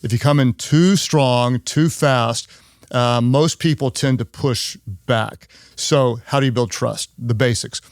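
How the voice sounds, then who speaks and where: A middle-aged man leads a leadership podcast as its host, with a voice of ordinary pitch for a man. He talks earnestly and says his key lines twice to drive them in. The sound is dry and close, with no room around it. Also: slow, no room sound. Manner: earnest, repeats key phrases for emphasis; acts out quoted people in higher voices. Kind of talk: leadership teaching talk.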